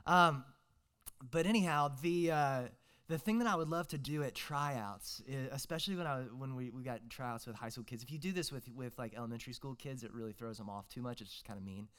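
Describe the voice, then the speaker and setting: A man's voice: mid-range voice, a little fast, fairly bright tone, clean tone. A young man, preaching a casual, joking sermon as a guest preacher, full of fillers and restarts.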